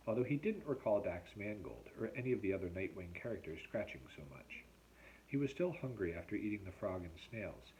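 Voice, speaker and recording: Deep-voiced man reading a novel aloud. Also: slight background noise, poor audio. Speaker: teacher.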